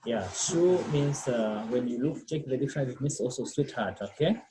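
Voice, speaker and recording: A man's voice: mid-range voice, animated, moderate pace, background noise. A man tutoring a student in French one on one, patient, repeating words and checking with "okay?". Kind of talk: one-on-one language lesson.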